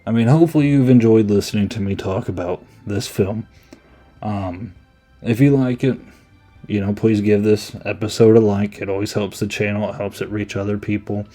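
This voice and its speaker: A man's voice: on the low side, steady tone, normal speed, dark tone, faint music behind. A man hosting a podcast, talking through a movie review in a rambling, amused way with lots of "um"s. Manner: rambling, amused, many ums. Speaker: podcast host. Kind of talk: casual solo movie review.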